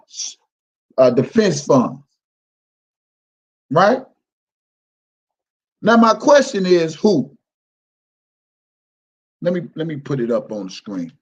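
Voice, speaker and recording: A man's voice: on the high side, breathy edge, poor audio. A man hosting a livestream, ranting in a mocking, repetitive, profane way. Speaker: livestream host. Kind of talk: heated livestream rant.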